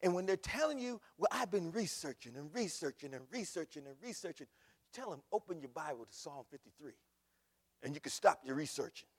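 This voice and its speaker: A man preaching a sermon as pastor, swinging from soft asides to loud shouting, mocking quoted voices along the way. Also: fairly high pitch, lively intonation, brisk, slightly rough. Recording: echoey hall recording.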